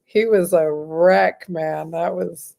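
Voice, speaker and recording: Easygoing woman host, lower voice. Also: steady tone, slow, gravelly, warm tone. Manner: easygoing, laughs while telling stories. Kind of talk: casual chat.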